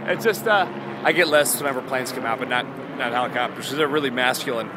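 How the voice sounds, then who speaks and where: A tired young vlogger in his twenties rambles goofily through a daily vlog outdoors, holding the camera himself amid background noise. His mid-range voice moves fast, jumping between silly voices and mumbles.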